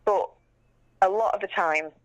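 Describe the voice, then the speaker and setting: A woman's voice: mid-range voice, measured pace, no room sound, highs cut off. A woman, chatting frankly and casually as an interview guest, swearing now and then. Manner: chatty, frank, swears casually, repeats words when she restarts.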